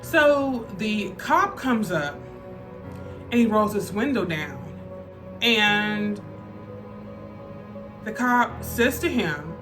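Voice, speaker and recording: A woman tells a personal story in a casual, chatty vlog style, with plenty of filler words. Her voice sits at a middle pitch, and soft music plays faintly underneath. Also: expressive, very slow, long pauses. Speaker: vlogger. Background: faint background music.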